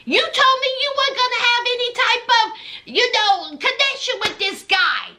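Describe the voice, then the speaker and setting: A woman mimicking a jealous middle-aged man throwing a tantrum, shrill and accusing as she retells a reality show scene. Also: moderate pace, pushed and bright, exaggerated voice. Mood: ranting.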